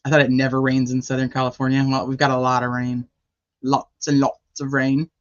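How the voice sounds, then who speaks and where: A woman's voice: rumbling low, monotone, a little fast. Woman, live-stream host, rambling casual chat, greets viewers, muffled lo-fi audio. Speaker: livestream host.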